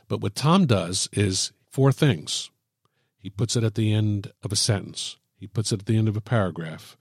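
A man teaching writing, talking thoughtfully and illustrating each point with examples in a relaxed podcast chat. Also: on the low side, normal speed, breathy edge, no room sound, clean studio sound. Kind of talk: explaining on a podcast.

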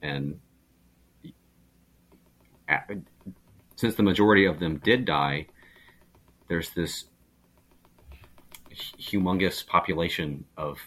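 Podcast guest: man with a very deep, husky voice, earnest and thoughtful. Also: takes it slowly, long pauses, fairly bright tone. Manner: reflective, earnest, restarts often. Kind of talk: casual chat.

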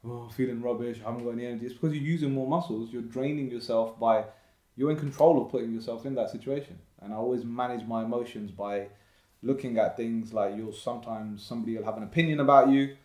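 A man's voice: mid-range voice, fast, a little mellow, echoey room. A man talking as a podcast guest in a casual, upbeat, motivational way.

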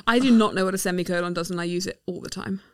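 A woman co-hosting a podcast, chatting casually with playful, drawn-out emphasis. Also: fairly low pitch, no echo. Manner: playful, exaggerated emphasis when listing examples. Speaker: podcast co-host. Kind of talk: casual chat.

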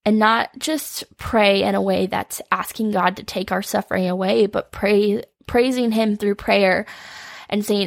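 A woman's voice: mid-range voice, fairly even intonation, a little slow, gravelly, dry recording. A young woman hosting an unscripted devotional podcast, earnest and vulnerable, fighting back tears as she quotes scripture. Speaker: podcast host.

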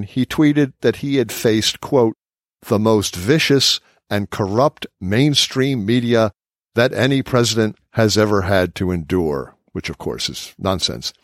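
A man's voice: on the low side, no echo, clean studio sound. A man hosting a political discussion podcast, reading quotes from his notes and laughing often. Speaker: podcast host.

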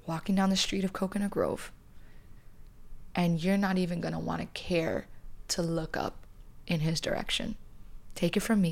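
Young woman, podcast host, blunt and emphatic, low voice, gravelly fry. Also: a little mellow. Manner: emphatic, blunt, swears freely. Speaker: podcast host giving breakup advice. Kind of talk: advice monologue.

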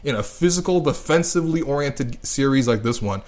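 A man's voice: mid-range voice, expressive, brisk, a little mellow. Sarcastic rambling young man podcaster. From Canada. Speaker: podcast host. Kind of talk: casual solo sports podcast.

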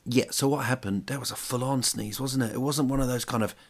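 A man's voice: medium pitch, fairly even intonation, fairly quick. A man hosting a podcast, telling jokey stories in a rambling, casual monologue full of restarts. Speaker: podcast host.

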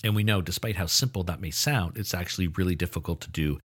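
A man's voice: deep voice, quick pace, a bit bright, slightly rough. A man lecturing on child language development, explaining steadily and pushing his voice up for emphasis on key points. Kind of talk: recorded lecture.

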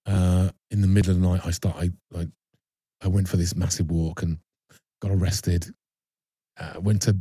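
Deep husky man, halting storytelling. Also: dark tone, dry recording. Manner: halting, repeats words and restarts often. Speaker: actor guest. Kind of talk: candid personal storytelling.

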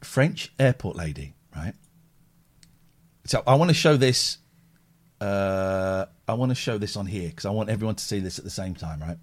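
Lively man hosting a stream. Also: on the low side, normal speed. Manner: animated, acts out voices in anecdotes. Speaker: livestream host. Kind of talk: casual chat.

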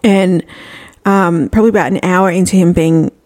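A woman's voice: lowish voice, normal speed, darkish tone. A woman co-hosting a podcast, telling stories in crude, sweary, casual banter. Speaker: podcast co-host. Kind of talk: casual chat.

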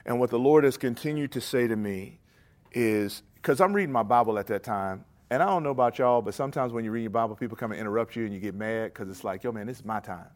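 A man preaching a sermon, telling a family story in a relaxed, conversational way and then dropping into a quiet prayer. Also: mid-range voice, fast talker.

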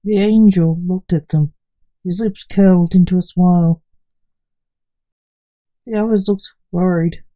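A woman reading a story aloud in a steady, even storybook narration. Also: on the low side, a little slow, pauses often, low-quality recording.

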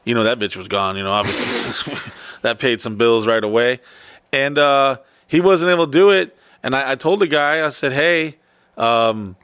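A man telling rambling, profane stories in a casual chat. He talks in quick bursts at a mid pitch. The sound is dry and close. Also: steady tone, a bit bright, smooth, dry recording.

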